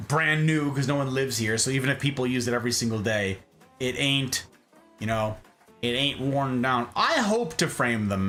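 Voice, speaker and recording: A man hosting a casual talk show, chatting and joking while showing travel photos. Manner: animated, jokey, pitch jumps for emphasis. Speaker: podcast host.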